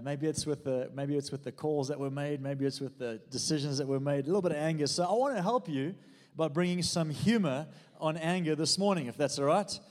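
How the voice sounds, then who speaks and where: Pastor preaching in a reverberant church. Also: male voice, fairly high pitch. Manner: fervent preaching with jokes and audience prompts. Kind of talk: sermon.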